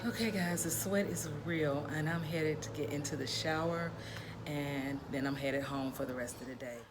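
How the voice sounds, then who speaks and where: A woman's voice: low voice, moderate pace, over music. Upbeat woman vlogger giving a pep talk. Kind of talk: casual motivational video diary.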